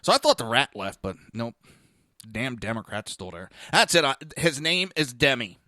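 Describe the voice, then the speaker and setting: A man's voice: mid-range voice, very animated, moderate pace, pushed and bright, no room sound, studio quality. A man hosting a podcast, telling a blunt, profane story in a casual monologue. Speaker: podcast host. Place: lives in Florida.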